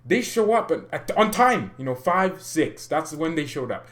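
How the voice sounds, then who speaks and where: A man hosting a fan channel livestream, talking casually and animatedly, often laughing, with his voice jumping up when he gets excited. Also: on the high side, moderate pace.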